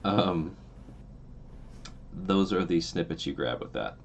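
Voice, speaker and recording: Deep-voiced game master narrating casually. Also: male voice, slow pace, vocal fry, slight background noise. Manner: relaxed and meandering, with many fillers.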